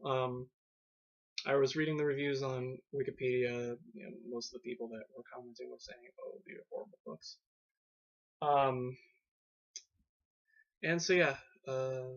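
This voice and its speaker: A man casually reviewing books on a vlog, rambling with lots of fillers and sarcastic asides. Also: mid-range voice. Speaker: video book reviewer. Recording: dull lo-fi webcam audio.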